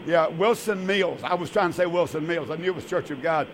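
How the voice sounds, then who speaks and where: A man's voice: on the high side, a little fast, a little hiss or hum. An older man, hosting a religious radio call-in show as pastor, emphatic and repetitive. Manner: warm, emphatic, repetitive preacher's talk.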